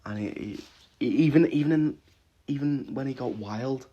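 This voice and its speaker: A man giving a casual, swear-heavy reaction rant about fights, with frequent laughs and quick restarts. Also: medium pitch, mellow, lo-fi sound. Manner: swears constantly, laughs often, rants with restarts. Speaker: MMA reaction vlogger.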